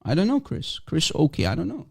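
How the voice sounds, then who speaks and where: A man's voice: fairly high pitch, wildly swooping pitch, a little fast, gravelly, husky. A man hosting a casual livestream, mocking and provocative, teasing and repeating himself as he calls for guests. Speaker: livestream host.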